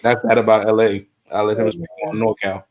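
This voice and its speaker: Low-pitched man from the East Coast, halting, lots of fillers, casual roundtable talk. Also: little pitch movement, darkish tone. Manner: halting, searching for words, many fillers. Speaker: roundtable guest. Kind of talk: casual chat.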